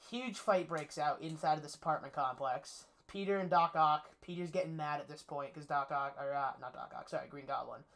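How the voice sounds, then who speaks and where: Here a male movie reviewer speaks briskly, with few pauses, in a slightly high and fairly bright voice. Eager and enthusiastic, he rambles through a casual spoiler-filled plot recap, leaning heavily on fillers.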